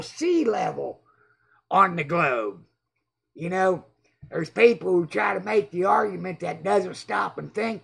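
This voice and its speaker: A man with a drawl rants on his livestream, reading comments and taunting critics loudly. His voice is heavily gravelly and husky, slow-paced, and swings widely in pitch as he shouts. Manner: loud, mocking, excitable, often shouting. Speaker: livestream host. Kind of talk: casual livestream rant reading chat.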